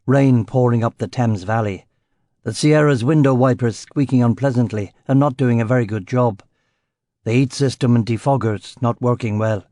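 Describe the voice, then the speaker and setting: A man's voice: mid-range voice, normal speed, mellow, dry recording, studio quality. A man reading a first-person detective novel aloud in clipped, terse phrases. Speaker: audiobook narrator.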